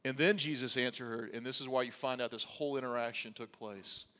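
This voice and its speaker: A man's voice: medium pitch, steady tone, fast talker, pushed and bright, big-room sound. A male pastor preaching a sermon in a conversational way, with wry asides.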